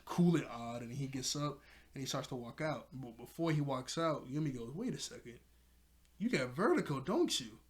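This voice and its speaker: A young man casually recapping a cartoon episode, animated, acting out the characters' lines and laughing often. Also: medium pitch, fairly quick. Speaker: episode reviewer.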